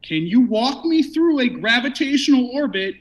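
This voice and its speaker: A man's voice: very high-pitched, very animated, normal speed, dull audio. A man arguing heatedly in a debate, combative and mocking, often talking over his opponent.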